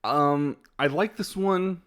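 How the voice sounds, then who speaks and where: A man's voice: fairly high pitch, slow, a bit bright, clear, resonant tone. A man chatting casually on a live stream as he ranks his own videos, rambling and hesitant and often laughing.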